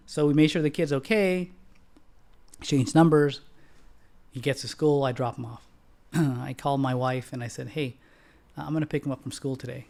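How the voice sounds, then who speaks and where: The speaker is a middle-aged bank founder appearing on a podcast, telling casual, spirited stories at a moderate pace. He repeatedly clears his throat and jumps to a sharp, high pitch when acting out what people said.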